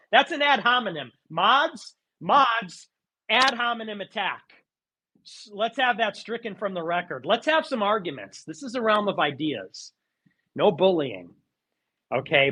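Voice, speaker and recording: A man's voice: sits high, bright, forceful tone. A man ranting sarcastically in a live audio chat, mocking others with theatrical outbursts. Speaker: streamer.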